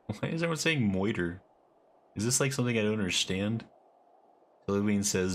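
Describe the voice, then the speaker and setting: A man's voice: fairly low pitch, sing-song, fairly quick, slight background noise. A man streaming a game, joking around and chatting with his viewers. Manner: playful, chats with viewers. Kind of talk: casual live-stream commentary.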